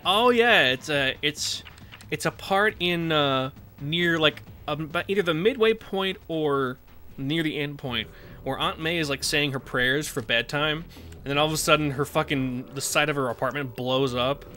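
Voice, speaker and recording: Man, casual game streamer, higher-pitched, chatty and self-correcting, game music under. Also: moderate pace, sharp tone. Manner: rambling, self-correcting, laughs often. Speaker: streamer playing a video game. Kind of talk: casual gameplay commentary.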